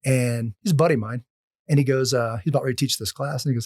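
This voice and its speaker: A man on a podcast as a guest, telling casual stories in an animated way, often restarting his sentences. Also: medium pitch, racing, dry recording, clean studio sound. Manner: animated, acts out quoted lines, frequent restarts. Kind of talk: casual storytelling.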